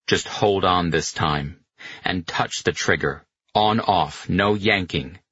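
A man voicing a calm young male driver who speaks in a steady, reassuring way, in a slightly dull, lo-fi recording. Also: deep voice, slow pace, husky, no room sound, exaggerated voice.

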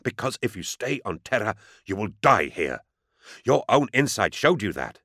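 A man voicing a stern deep-voiced warrior captain. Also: very animated, pushed and bright, husky, dry recording, studio quality, exaggerated voice. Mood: resolute. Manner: firm, deliberate and commanding. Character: stern male warrior captain, grim and dutiful.

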